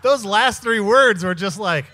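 Incredulous, lively high-voiced man host. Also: measured pace. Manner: incredulous, playful reactions. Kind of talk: improvised comedy podcast.

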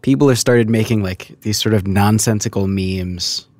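A man's voice: lowish voice, normal speed, darkish tone, no echo. A man co-hosting a podcast, chatting casually and rambling with lots of filler words. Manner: rambling, many filler likes. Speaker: podcast co-host. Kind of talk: casual chat.

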